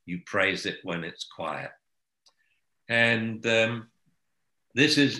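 A man who trains dogs, giving calm, anecdotal advice in a casual chat and dropping to a hush for soothing commands. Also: lowish voice, reverberant. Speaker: dog trainer.

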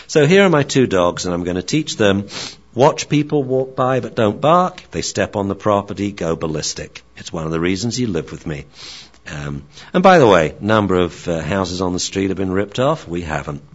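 Low-voiced man, chatty dog trainer. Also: lo-fi sound. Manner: chatty, joking, many fillers and restarts. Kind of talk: casual talk.

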